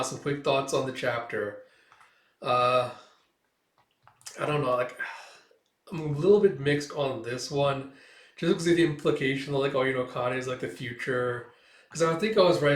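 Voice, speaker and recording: A man reviewing a comic chapter in a loose, rambling way, full of fillers and hesitations. His pitch sits in an ordinary middle range. The room adds a clear echo. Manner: rambling, filler-heavy, laughs often. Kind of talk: casual read-through commentary. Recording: echoey room.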